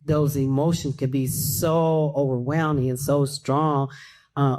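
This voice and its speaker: A woman's voice: low-pitched, dark tone. Earnest woman sharing a personal story. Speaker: panel guest.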